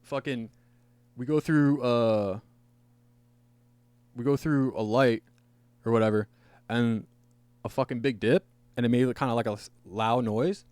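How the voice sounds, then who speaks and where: A man's voice: mid-range voice, measured pace, long pauses, a little mellow, smooth, dry recording. A man telling a rambling, profane story on a casual podcast, laughing at himself as he goes. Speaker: podcast host. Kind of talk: casual storytelling among friends.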